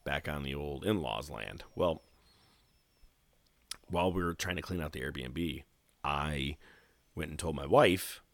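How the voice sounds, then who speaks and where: A man co-hosting a casual wrestling podcast, animated and laughing often as he acts out quotes. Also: rumbling low, unhurried, long pauses, dry recording. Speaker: podcast co-host.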